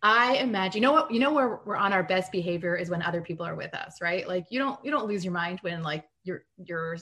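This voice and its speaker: A woman in a casual live-streamed chat, giving practical parenting advice with quick laughs. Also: fairly low pitch, expressive, pushed and bright. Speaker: guest parenting coach.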